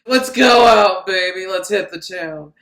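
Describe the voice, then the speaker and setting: A man's voice: high-pitched, very animated, fairly quick, fairly bright tone, roomy sound, pitched above the performer's own voice. A man voicing a jaded, numb young woman who talks bluntly and crudely. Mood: deadpan.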